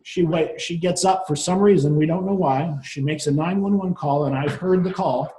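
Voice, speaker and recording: A man's voice: a little high, normal speed, dark tone. A man presenting a case study at a professional workshop, talking conversationally with frequent restarts. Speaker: marine surveyor speaking at a workshop. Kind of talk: conference presentation. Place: conference room. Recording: echoey room.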